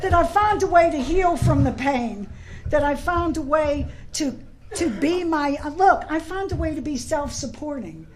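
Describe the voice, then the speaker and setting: A woman from Pittsburgh giving a personal recovery talk, animated and laughing, shouting at peaks, then soft and earnest. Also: sits high, measured pace, low-quality recording. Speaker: recovery meeting speaker. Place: convention hall.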